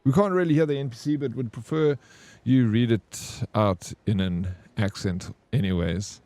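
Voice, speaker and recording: Laid-back South African streamer, mellow. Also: male voice, mid-range voice, moderate pace, no echo. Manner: laid-back rambling storyteller, laughs easily. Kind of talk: casual livestream chat.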